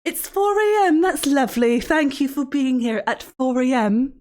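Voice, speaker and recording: A woman's voice: high-pitched, moderate pace, darkish tone, natural voice. A woman streamer playing a creepy, sing-song female children's show host who sounds sweet and then swears, in a livestream role-play. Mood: mock-sweet. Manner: sing-song, mock-sweet, sudden profane outbursts.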